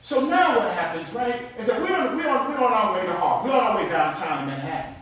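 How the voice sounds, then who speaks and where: A man preaching a sermon, telling stories with animation and building up to shouted preaching in front of a congregation. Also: high-pitched, big pitch swings, fast. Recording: echoey hall, mic from a distance, congregation audible.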